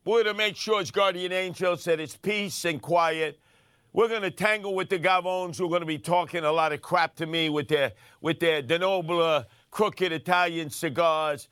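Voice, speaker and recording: A man's voice: on the high side, fairly even intonation, normal speed, a bit bright, clean tone, no room sound, clean studio sound. A man from Brooklyn hosting talk radio, with brash, mocking street talk. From Brooklyn, New York. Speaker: radio host. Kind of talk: talk radio banter and commentary.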